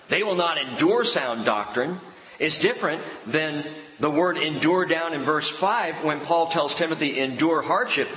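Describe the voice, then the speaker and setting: A man preaching a sermon as a pastor, shifting from loud animated bursts to hushed, slow emphasis. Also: on the high side, a little hiss or hum. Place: church hall. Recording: roomy hall reverb, faint background ambience.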